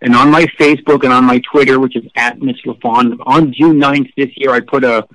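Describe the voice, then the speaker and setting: Middle-aged male rock journalist; lively, profane, snarky storyteller; dry, close recording. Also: mid-range voice, fairly quick, dry recording, poor audio. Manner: animated, profane, snarky anecdotes. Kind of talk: casual interview storytelling.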